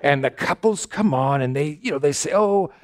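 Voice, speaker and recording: A man hosting a comedy podcast, telling stories in a rambling, deadpan joking way. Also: on the high side, fairly quick. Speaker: podcast host. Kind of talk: casual comedic chat.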